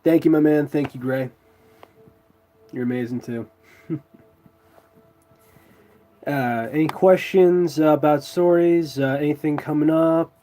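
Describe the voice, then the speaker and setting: A man's voice: fairly high pitch, fairly even intonation, measured pace, long pauses, dark tone. A man with a stuffy nose from a cold, chatting in a laid-back way with viewers as host of his live stream. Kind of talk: casual live stream chat.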